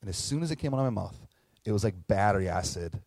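A man's voice: lowish voice, lively intonation, quick pace, vocal fry, a little mellow, no echo. A middle-aged man preaching a sermon as pastor, earnest and conversational, telling stories and acting out quotes. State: tearing up at moments.

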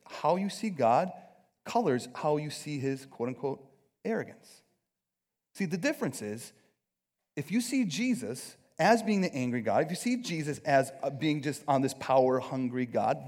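A man preaching a conversational sermon, animated, acting out quotes and often checking in with his listeners. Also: on the high side, normal speed. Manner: animated, acts out quotes, keeps asking "right?". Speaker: pastor.

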